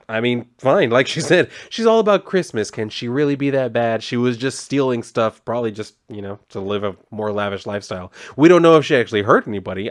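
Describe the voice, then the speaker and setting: A young man giving a casual comic book review, rambling and relaxed with plenty of fillers. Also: lowish voice.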